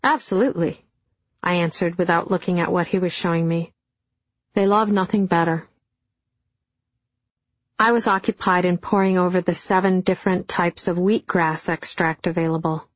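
A middle-aged woman narrating an audiobook in a dry, deadpan storytelling manner. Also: lowish voice, brisk, few pauses, dry recording. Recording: dull, dry studio sound.

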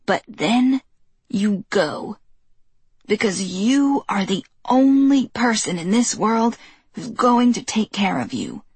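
A woman's voice: mid-range voice, lively intonation, slow pace, breathy edge, dry recording, full character voice. A woman voicing a frail, skinny older woman who bluntly scolds and snaps orders at her neighbors. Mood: stern.

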